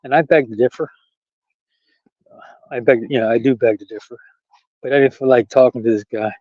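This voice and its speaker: A man's voice: mid-range voice, fairly even intonation, a little fast, no room sound, dull audio. A middle-aged man vlogging casually outdoors on a rural trail, rambling and chatty and laughing at his own jokes. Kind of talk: casual walking vlog.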